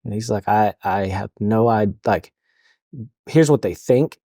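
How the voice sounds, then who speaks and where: Dark-voiced man, halting and chatty. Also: fairly low pitch, dry recording, studio quality. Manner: halting, full of fillers and restarts. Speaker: counselor for police officers. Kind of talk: casual podcast interview.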